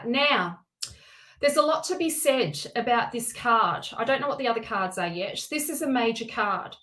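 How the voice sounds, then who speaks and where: A woman hosting a live tarot stream, talking in a chatty, excitable way with many restarts and asides. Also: a little high, normal speed, low-quality recording. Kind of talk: casual live-stream chat.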